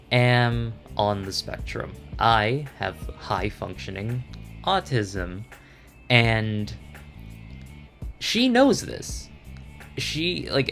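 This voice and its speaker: A young man giving a personal rant to camera, speaking haltingly, with restarts and trailing phrases. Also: medium pitch, gravelly, fairly bright tone. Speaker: video creator.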